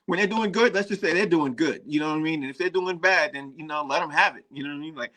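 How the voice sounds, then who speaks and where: Bright-voiced man, rambling sports talk. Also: a little high, fast. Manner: rambling, repeats phrases, laughs often. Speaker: sports show host. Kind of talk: casual sports chat.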